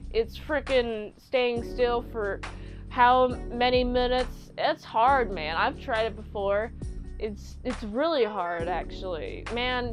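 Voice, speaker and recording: High-voiced woman recapping an episode. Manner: chatty, rambling, slangy. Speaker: show reviewer.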